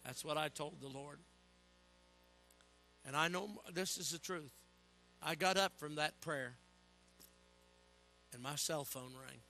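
An older man preaching a sermon, telling animated personal stories with humor and calling for "Amen?" from the congregation. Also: a little high, slow pace, vocal fry, pauses often, faint music behind.

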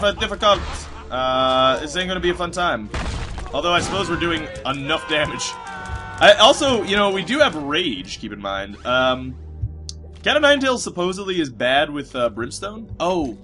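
A man's voice: a little high, sing-song, normal speed, sharp tone, faint music behind. A man giving casual gameplay commentary, rambling and self-mocking, cursing at the game and slipping into a put-on British accent at times. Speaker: let's play commentator.

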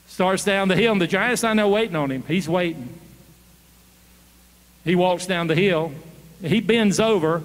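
A male preacher tells a story with animated delivery and keeps throwing questions to the congregation. His voice sits fairly high and swings widely in pitch. A big church sanctuary adds a long reverb tail. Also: a little slow, long pauses. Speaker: guest preacher. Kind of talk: sermon storytelling.

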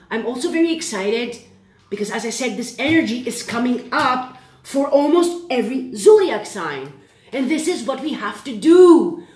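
A woman giving a casual tarot reading to camera. She is excitable and keeps checking in with "okay?". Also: sits high, echoey room. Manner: excitable, repeats "okay?" often. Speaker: tarot reader.

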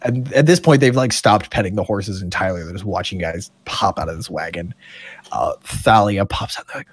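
A man's voice: low voice, fairly quick, breathy edge, no echo. A man as game master, narrating a tabletop game in a chatty way with lots of fillers. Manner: chatty, animated, many fillers.

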